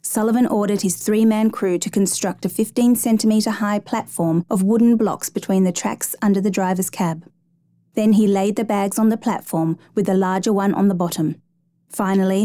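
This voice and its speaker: Mellow woman narrating a true story. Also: mid-range voice, no room sound, studio quality. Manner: steady, measured storytelling with lightly voiced quotes.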